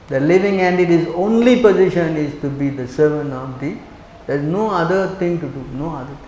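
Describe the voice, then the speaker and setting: An older man, a monk, giving an animated sermon that mixes personal stories with rhetorical questions to his listeners. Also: a little high, fairly quick. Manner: animated, acts out quoted speech, fires rhetorical questions. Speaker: monk lecturing on scripture. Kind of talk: sermon with storytelling. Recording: echoey hall with faint background noise.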